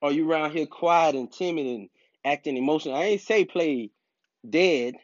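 A man's voice: fairly high pitch, moderate pace. A man giving dating advice to other men in a casual monologue, emphatic and preachy, with streetwise slang. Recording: dull lo-fi recording.

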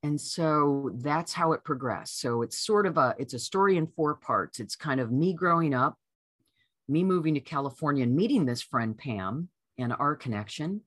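Lively woman telling a personal story. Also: low voice, moderate pace, no echo, clean studio sound. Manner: lively storyteller who acts out quoted voices. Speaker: author guest.

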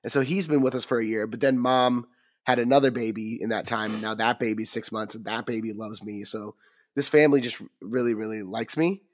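A man co-hosting a film podcast, his voice a bit raspy and tired from a cold, rambling with lots of ums and restarts. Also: on the low side, steady tone, brisk. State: recovering from a cold. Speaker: podcast co-host. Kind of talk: casual chat.

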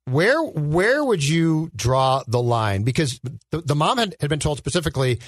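A man co-hosting a casual film podcast, rambling and animated as he makes his points. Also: medium pitch, normal speed, hardly any pauses, no room sound, studio quality. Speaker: podcast co-host.

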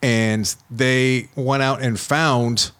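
A man's voice: medium pitch, steady tone, very slow, a bit bright, clean tone. A middle-aged man co-hosting a film podcast, chatty and rambling, poking fun at himself. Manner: rambling, self-deprecating, chatty. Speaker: podcast co-host, film reviewer. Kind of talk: casual chat.

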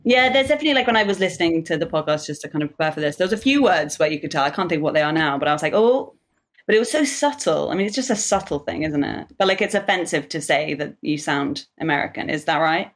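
A woman's voice: deep voice, lively intonation, fast talker. A woman from Southeast England with a Southern English accent, a podcast guest chatting in a playful, teasing way. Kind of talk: casual chat.

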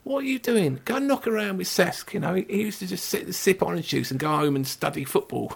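A man co-hosting a casual football chat, animated and sarcastic. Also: high voice, fairly quick, vocal fry, breathy edge. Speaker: football podcast co-host.

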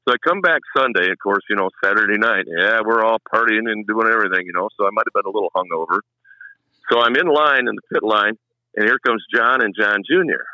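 A man's voice: lowish voice, fast talker, no echo, dull audio. A middle-aged man, a longtime race track announcer, telling stories in a casual chat and acting out what people said. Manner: animated storyteller, acts out quotes.

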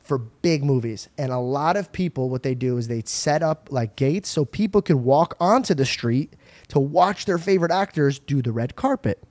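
A young man hosting a podcast, telling stories in a casual, animated way, acting out voices and swearing freely. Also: medium pitch, normal speed. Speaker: podcast host. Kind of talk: casual storytelling chat. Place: podcast studio.

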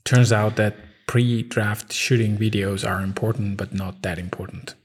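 A man in his thirties with an Italian accent, chatting casually as a podcast co-host, halting with many ums and restarts. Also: lowish voice, little pitch movement, slightly rough. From Italy. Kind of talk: casual chat.

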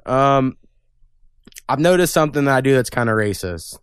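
A man's voice: medium pitch, lively intonation, moderate pace, clear, resonant tone, dry recording. Man hosting a podcast, loose and profane, laughs a lot, dry close sound. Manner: profane, rambling, laughs often. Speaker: podcast host. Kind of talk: casual chat.

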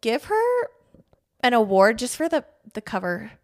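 A woman's voice: a little high, wildly swooping pitch, unhurried, a little mellow. A woman co-hosting a podcast in casual, chatty conversation, upbeat and full of "like". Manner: chatty, upbeat, says "like" often. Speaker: podcast co-host. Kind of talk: casual chat.

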